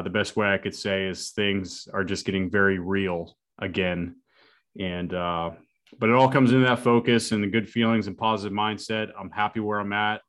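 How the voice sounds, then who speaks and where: Upbeat man, energetic podcast chat. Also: on the low side, clear, resonant tone. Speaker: podcast host. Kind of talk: casual chat.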